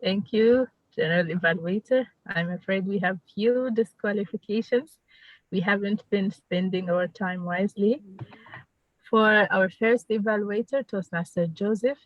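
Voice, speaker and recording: A woman reads a formal timer's report at an online meeting, measured and matter-of-fact. The sound is dry and a little muffled. Her pitch is middling. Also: no room sound.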